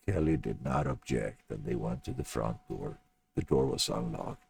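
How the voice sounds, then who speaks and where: A man reading a story aloud in a plain, steady audiobook narration, with a gravelly voice. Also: a bass voice, moderate pace, noisy background.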